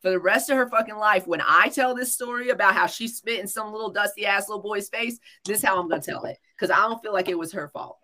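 A woman's voice: mid-range voice, quick pace, hardly any pauses, pushed and bright. A young woman telling a story in a casual podcast chat, blunt and full of profanity. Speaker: podcast co-host.

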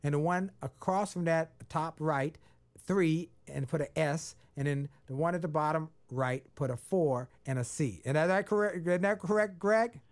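A man's voice: on the high side, moderate pace. A man hosting a talk show, upbeat and laughing easily with his guest. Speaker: show host.

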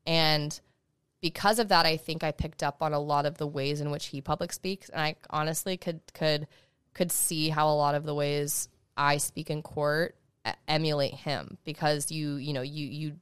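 A young woman, a law student guest on a podcast, talking fast and emphatically in casual conversation as she gives advice. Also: deep voice, fairly even intonation, a bit bright, clear, resonant tone, no echo, studio quality.

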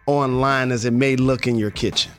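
A man's voice: mid-range voice, steady tone, normal speed, fairly bright tone, faint music behind. Laid-back podcast co-host man. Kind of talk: casual banter.

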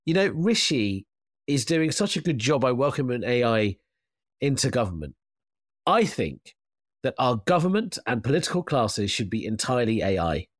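A man, a comedian, talking mock-serious and deadpan with cheeky asides. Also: mid-range voice, normal speed, no echo, studio quality. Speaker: comedian correspondent. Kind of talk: comic chat.

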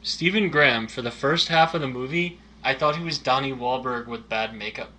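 A man's voice: medium pitch, normal speed, sharp tone. A man in casual chat reviewing a movie, dry and teasing, with blunt verdicts.

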